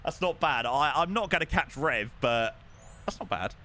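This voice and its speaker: A man streaming live, chatting casually and excitably with his viewers and swearing now and then. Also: fairly high pitch, moderate pace, slight background noise. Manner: excitable, swears, talks to chat.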